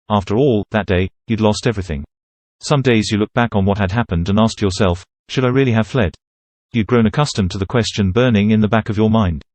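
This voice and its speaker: A man reading a second-person horror story in a measured, steady narrating voice. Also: on the low side, no room sound.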